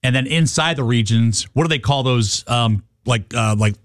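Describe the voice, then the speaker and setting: A man's voice: mid-range voice, moderate pace, dry recording, studio quality. A man in casual chat, joking around and telling stories. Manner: joking, storytelling, lively.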